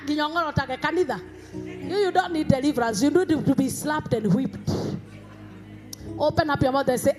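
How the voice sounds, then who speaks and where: A Kenyan woman pastor delivering an emphatic sermon in a church, rising to shouts. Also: high-pitched.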